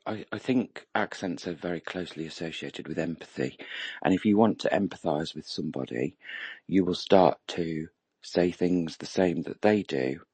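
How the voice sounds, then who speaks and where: English guy, middle-aged, deep husky voice, slow rambling talker, dry close sound. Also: a little mellow, no room sound. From England. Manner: reflective, rambling with many ums. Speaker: roundtable participant. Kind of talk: casual chat.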